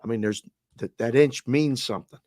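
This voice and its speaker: A man's voice: medium pitch, brisk, darkish tone, no room sound, clean studio sound. A man co-hosting a casual sports betting show, trading laid-back jokes and picks. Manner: laid-back, joking banter.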